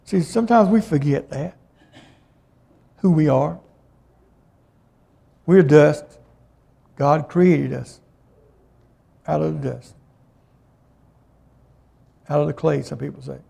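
A male preacher delivering a sermon, reading scripture aloud and then unpacking it in plain words. His voice sits a little high for a man, with a dark, mellow tone and a gravelly edge. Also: slow pace, pauses often. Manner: plain-spoken, reads scripture aloud and explains it.

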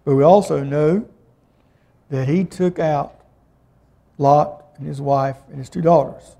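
A male preacher delivering a sermon, reading scripture aloud and then unpacking it in plain words. His voice sits a little high for a man, with a dark, mellow tone and a gravelly edge. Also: steady tone, takes it slowly. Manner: plain-spoken, reads scripture aloud and explains it.

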